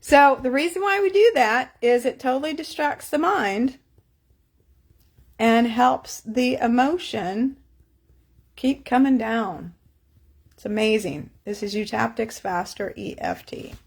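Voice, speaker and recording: A woman with a fairly high voice leads a live tapping session. She speaks in slow, calm, repeated instructions, coaxing listeners to let go. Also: slightly rough. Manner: slow, soothing, repetitive guiding instructions. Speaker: tapping coach.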